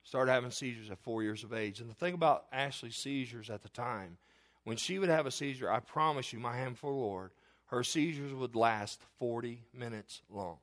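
A middle-aged male pastor telling a personal story in a sermon, earnest, rising to emphatic declarations and dropping to hushed tones. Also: medium pitch, moderate pace.

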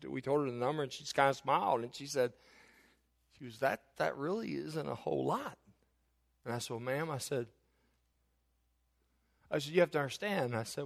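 A pastor in his forties preaching a sermon, telling stories and building in volume and pitch on key points, often restarting phrases. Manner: storytelling, swells louder and higher on key points.

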